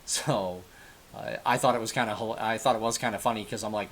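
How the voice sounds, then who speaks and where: A man with a lowish voice recaps a TV episode in loose, conversational fashion. He rambles, circles back and corrects himself as he goes. A faint hiss sits under the recording. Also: steady tone, brisk, a bit bright. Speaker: TV episode reviewer. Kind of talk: casual spoken episode recap.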